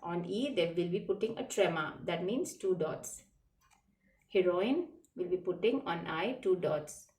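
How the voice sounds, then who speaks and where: In a slow lesson on French words, a teacher patiently guides children and spells each word letter by letter. Her voice is middle-pitched and a little mellow, with lively intonation. The distant mic picks her up in a roomy space full of echo.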